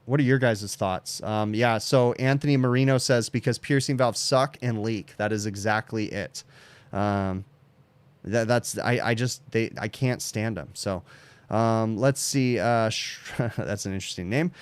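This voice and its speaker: A man's voice: lowish voice, measured pace, clear, resonant tone, dry recording. A man hosting a casual livestream Q&A, blunt and opinionated, tacking "okay?" onto his points. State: sleepy, yawning. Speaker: HVACR channel host answering chat questions.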